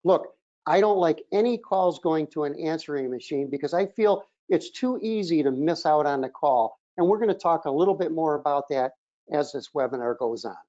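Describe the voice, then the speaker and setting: A shop trainer walks through phone-handling steps for a webinar, talking in an instructive, emphatic way. The voice is mellow and sits at a middling pitch. The recording sounds dull and lo-fi. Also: animated, normal speed. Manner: instructive, emphatic, often starts points with "look". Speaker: auto repair shop trainer. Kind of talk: webinar presentation.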